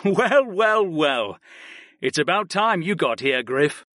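A man putting on a cheeky, theatrical mage who mocks his friends with exaggerated hurt, his voice jumping higher and swinging widely. It is read dry and close for a fantasy audiobook. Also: very animated, fast talker, fairly bright tone, dry recording, exaggerated voice. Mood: teasing. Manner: mocking, theatrical teasing. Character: teasing, playful adult male earth mage and pilot.

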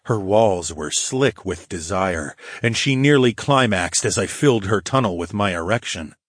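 A man narrating a fantasy audiobook in the first person, with a steady, low growling delivery. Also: moderate pace, dry recording, clean studio sound.

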